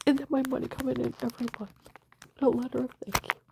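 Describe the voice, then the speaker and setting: A woman's voice: sits high, flat delivery, quick pace, vocal fry, noisy background. A woman speaking in a rambling, emotional personal monologue, often dropping into a whisper.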